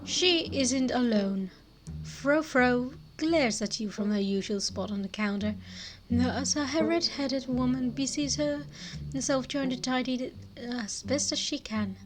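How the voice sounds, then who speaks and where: A woman's voice: sits high, a little slow. A young adult woman casually reading a narrative game aloud and adding chatty asides. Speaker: gaming streamer.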